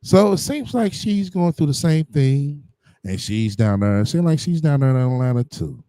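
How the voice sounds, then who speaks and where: A man's voice: a little high, big pitch swings, moderate pace, warm tone, dry recording. A man giving blunt, profane livestream commentary, heavy on slang and fillers. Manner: blunt, combative, heavy on slang and "you know what I'm saying".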